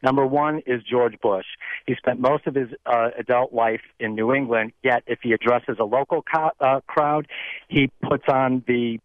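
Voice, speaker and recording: A man's voice: mid-range voice, steady tone, moderate pace, no room sound. A man calls in to a radio show with an opinion, hesitating a little as he speaks. His mid-range voice comes through a tinny phone line. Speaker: caller. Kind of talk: radio call-in comment.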